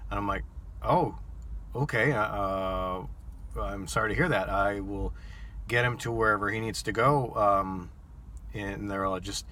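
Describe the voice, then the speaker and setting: A man's voice: on the low side, steady tone, normal speed, bright, forceful tone. A man who drives for a rideshare service, telling a story to camera in a casual, rambling way with many ums and repeated words.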